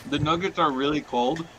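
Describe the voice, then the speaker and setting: A man hosts a relaxed livestream among friends, his voice swinging up and down as he laughs through asides. There is a faint hiss of background noise under his voice. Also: on the high side, rough recording. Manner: laughing, animated, quick asides. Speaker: stream host. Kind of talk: casual livestream chat.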